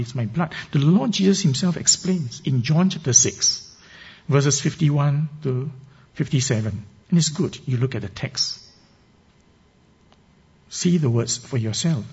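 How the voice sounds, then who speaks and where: A man's voice: mid-range voice, darkish tone, breathy edge, lo-fi sound. A man preaching a sermon, teaching earnestly and reading scripture with emphasis. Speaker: pastor.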